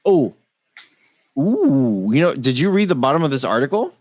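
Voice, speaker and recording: A man hosting a tech podcast in a loose, joking, casual way. His pitch swings widely as he talks, and the sound is dry and close, with no room around it. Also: very animated, moderate pace, darkish tone, no echo. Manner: loose, joking, laughs often, swears. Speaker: podcast co-host. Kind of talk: casual tech-news chat.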